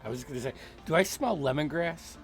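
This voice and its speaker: A man's voice: a little high, fairly quick, soft background music. A man playing a tabletop game, chiming in with hesitant, self-deprecating asides. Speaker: player. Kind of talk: casual tabletop play.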